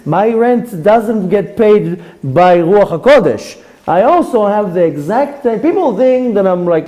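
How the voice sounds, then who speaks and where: Male rabbi lecturer, animated and conversational, with a warm, dark tone. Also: high-pitched, low-quality recording. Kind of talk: Torah class lecture.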